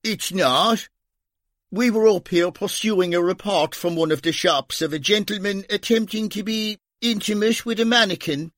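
A man's voice: high voice, normal speed, a bit bright, no room sound, pitched above the performer's own voice. A man doing a wry Irish cop. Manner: dry, sardonic banter. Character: wry Dublin police officer, deadpan and teasing.

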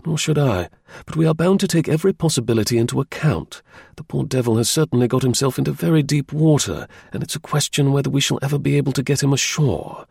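A man's voice: medium pitch, gravelly, darkish tone, husky, dry recording, pitched above the performer's own voice. Man reading as a cool, lecturing detective. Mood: measured. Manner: measured, explaining, a little dry. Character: sharp, aloof male detective, calm and lecturing.

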